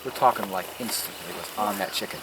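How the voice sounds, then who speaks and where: A man's voice: fairly low pitch, fast. A man giving an outdoor tour of his garden, telling stories in an earnest, emphatic way with preacher-like asides. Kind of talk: casual storytelling while giving a tour. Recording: outdoor noise on a field recording.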